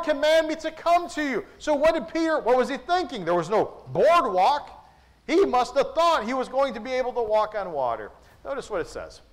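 A man preaching a morning sermon as pastor in a church, emphatic and full of rhetorical questions to the congregation. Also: very high-pitched. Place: church with a screen behind him.

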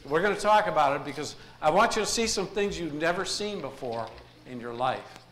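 Speaking briskly in a slightly high, expressive, somewhat bright voice, a man delivers a folksy sermon to his congregation, laughing and joking between points. The church sanctuary recording sounds echoey, with faint ambience.

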